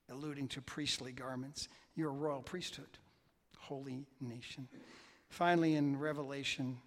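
A man preaching a sermon as pastor, swinging between hushed asides and loud, emphatic peaks. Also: mid-range voice, steady tone, moderate pace. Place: church sanctuary. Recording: long hall reverb.

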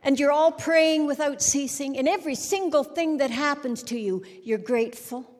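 A woman's voice: high voice, normal speed, a little mellow. A middle-aged woman giving a humorous sermon on a church stage, a wry storyteller who jokes and acts out little scenes. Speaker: church speaker. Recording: long hall reverb.

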